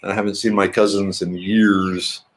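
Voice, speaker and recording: A man's voice: deep voice, little pitch movement, moderate pace. A middle-aged man chatting casually in a home vlog, rambling and throwing in playful sing-song asides. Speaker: vlogger.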